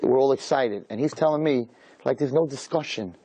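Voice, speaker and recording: A man, a rabbi, telling a personal story in a lively way and acting out the dialogue. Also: dry recording. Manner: animated, acts out dialogue with quick pitch swings. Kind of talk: storytelling talk.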